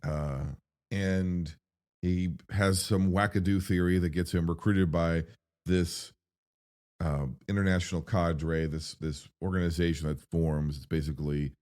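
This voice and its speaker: A man hosting a film reaction, talking in an excitable, rambling way, swearing freely and getting animated when worked up. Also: a little slow. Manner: excitable and rambling, with profanity and big pitch swings when worked up. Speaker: movie reviewer host.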